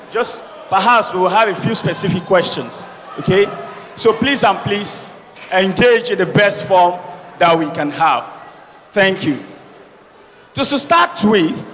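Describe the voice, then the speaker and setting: Man, debate moderator, high voice, formal pleading, long hall reverb. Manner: pleading, repeats "please and please", projects loudly. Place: large hall with a noisy student audience. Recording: reverberant hall with background noise.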